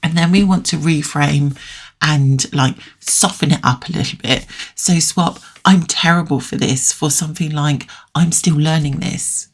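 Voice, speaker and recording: A woman's voice: low-pitched, moderate pace. A woman, a life coach hosting her own podcast, talking in a frank, chatty way with fillers and self-corrections. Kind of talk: solo podcast talk.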